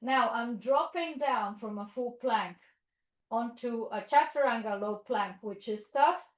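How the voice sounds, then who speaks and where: A woman's voice: fairly high pitch, a little slow, reverberant, poor audio. A woman teaching yoga teachers, cueing poses with encouragement and playful animal sounds for children. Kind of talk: instructional yoga demonstration.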